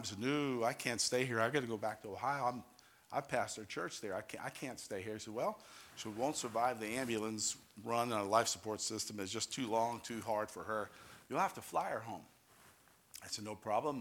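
An older pastor from New York, speaking with a New York accent in a mid-range voice, delivers a fervent testimony sermon. He builds to loud exclamations and calls out for amens.

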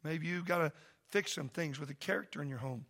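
Gravelly preacher, shouting then soft. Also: male voice, on the high side, fairly quick. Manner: preaches loud and impassioned, then drops to a soft earnest plea. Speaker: pastor. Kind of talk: sermon. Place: church sanctuary.

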